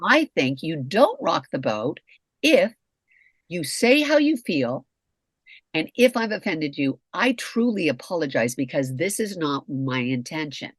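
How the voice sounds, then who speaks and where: A woman's voice: low-pitched, big pitch swings, a little slow, slightly rough, no echo. A middle-aged woman co-hosting a talk show, speaking bluntly and candidly about relationships and swearing freely. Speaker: podcast co-host, communication expert. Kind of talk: candid casual conversation.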